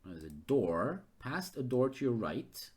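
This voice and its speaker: A man who runs a gamebook live as game master, thinking aloud and getting excited. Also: mid-range voice, a little slow. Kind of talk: live-streamed gamebook narration.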